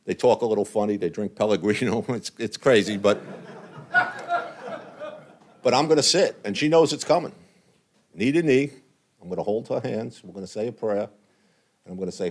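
An older man talks to a men's group, candid and blunt, never softening his plain words. His voice sits a little low, and he sounds earnest about what he says. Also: a little fast, long pauses. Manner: blunt and earnest, plain language with mild cursing. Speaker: recovery group speaker.

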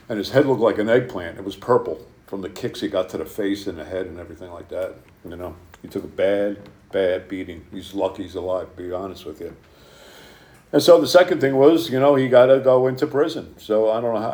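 A man's voice: on the low side, warm tone, reverberant. A man speaking at a recovery meeting, telling a personal story to the group in a blunt, conversational way with lots of fillers.

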